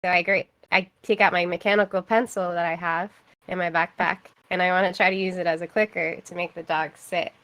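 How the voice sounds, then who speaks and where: A woman player in a tabletop role-playing game explains her character's move in an easy, chatty way. She hesitates with ums and laughs along with the table. Her voice sits on the low side for a woman. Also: little pitch movement, a little fast, a bit bright, lo-fi sound. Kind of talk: casual game chat.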